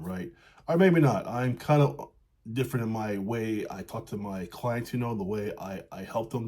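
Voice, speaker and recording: A man's voice: mid-range voice, a little mellow, slightly rough. A man working as a relationship coach, telling a fable and then talking casually about honest feedback, often tagging lines with "right?". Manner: casual, repeats "right?", laughs lightly. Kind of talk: storytelling and coaching talk.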